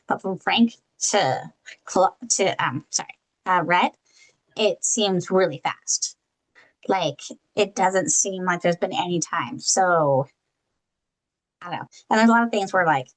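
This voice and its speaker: A woman's voice: mid-range voice, rough recording. A woman co-hosting a podcast, giving her views on a film in a conversational way, hedging with fillers. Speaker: podcast co-host. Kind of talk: casual book-and-film review chat.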